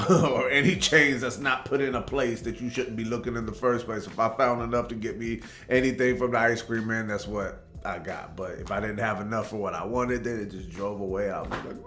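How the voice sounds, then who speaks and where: A man's voice: fairly low pitch, fairly bright tone. Laid-back man in a roomy space. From Tacoma, Washington, USA. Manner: laid-back, rambling, peppers talk with "man". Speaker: reaction video host. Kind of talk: casual storytelling commentary. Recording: roomy echo with faint background music.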